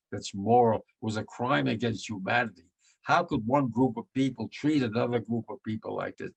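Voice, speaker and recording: Veteran in his nineties, gravelly voice, giving plain, vivid war testimony. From United States. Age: 90s. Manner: blunt and vivid, voice sinks low and quiet when moved.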